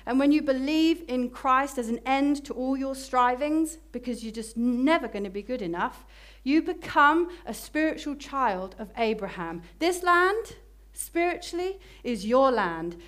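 A woman's voice: high-pitched, lively intonation, fairly bright tone. Emphatic woman preaching a sermon. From Britain. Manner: emphatic, slowing for key phrases.

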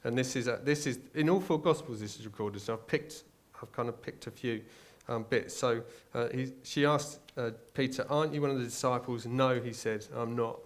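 A man's voice: mid-range voice, normal speed, hardly any pauses. English man preaching a conversational sermon. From England. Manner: conversational, searching, with many restarts and rhetorical questions.

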